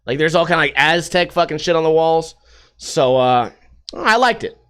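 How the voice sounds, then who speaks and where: A man's voice: a little high, expressive, normal speed, fairly bright tone, clear, resonant tone. A man hosting a podcast, rambling through a casual, sarcastic and profane monologue. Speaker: podcast host.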